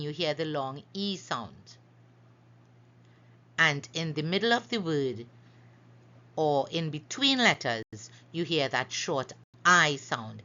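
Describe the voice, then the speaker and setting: Woman teacher doing phonics, slow and careful, bright voice, kinda muffled lo-fi sound. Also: deep voice, lively intonation. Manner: slow, careful, stretches out example words. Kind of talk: phonics lesson narration over slides.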